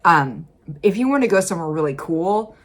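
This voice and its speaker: A woman from Illinois reacting to a video in casual, chatty commentary, laughing often and jumping up in pitch when she stresses a point. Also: lively intonation, a little fast. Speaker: reaction vlogger.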